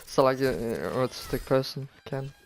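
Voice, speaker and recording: A man's voice: medium pitch, animated, moderate pace, slight background noise. A teenage boy in a casual podcast chat, hesitant and stammering, teasing his friend. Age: teens. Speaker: podcast co-host.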